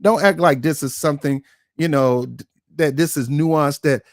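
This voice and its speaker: A man's voice: fairly high pitch, a little slow, no echo, clean studio sound. A man hosting his own online show, giving ranting political commentary in an emphatic, confrontational way and repeating words for stress. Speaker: YouTube commentary host.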